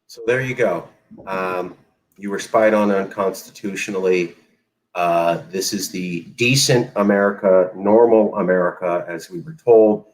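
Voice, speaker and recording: A man's voice: deep voice, unhurried, poor audio. A man hosting a political talk show, speaking with sarcastic emphasis and mocking the people he quotes. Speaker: host.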